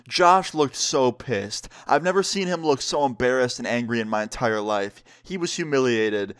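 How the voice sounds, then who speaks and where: Young guy vlogger, casual animated storytime, mid pitch. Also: clean tone. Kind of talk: storytime vlog.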